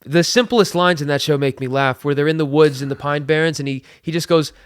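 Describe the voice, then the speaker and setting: A man's voice: on the high side, clean tone. A young man from the US East Coast, a guest on a podcast, chatting casually and doing voices in his anecdotes. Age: young adult. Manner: quick, lively, does voices in anecdotes. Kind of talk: casual chat.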